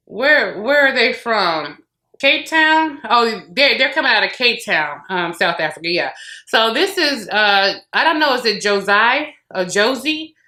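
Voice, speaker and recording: A woman's voice: a little high, lively intonation, measured pace, bright, forceful tone. An American woman chatting casually to her viewers while reviewing beauty and hair products at home. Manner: chatty, talks straight to viewers. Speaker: beauty vlogger. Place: home room with closet behind.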